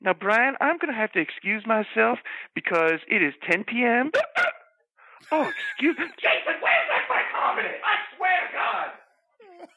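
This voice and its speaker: A man's voice: high-pitched, very animated, normal speed, bright, forceful tone, no echo, highs cut off, a faint crowd, heavily acted. A man voicing a flustered, bawdy old Southern belle who keeps gasping with hiccups as she rambles through scandalous gossip. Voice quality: gasping hiccups between phrases. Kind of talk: comedic character bit.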